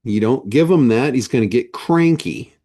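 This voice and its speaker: A man's voice: mid-range voice, lively intonation, dark tone. A man giving a motivational talk as a business coach, stressing points with rhetorical questions. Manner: slow, emphatic, with rhetorical questions. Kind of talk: motivational monologue.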